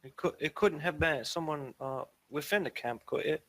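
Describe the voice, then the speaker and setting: A man's voice: on the high side, normal speed, fairly bright tone. A man playing a tabletop role-playing game, speaking wryly and with some hesitation. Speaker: player.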